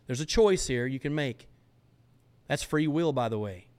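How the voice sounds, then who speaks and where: A man's voice: mid-range voice, expressive, moderate pace, darkish tone, smooth. A man hosting a podcast, preaching an emphatic, fervent monologue and reading scripture. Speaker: podcast host.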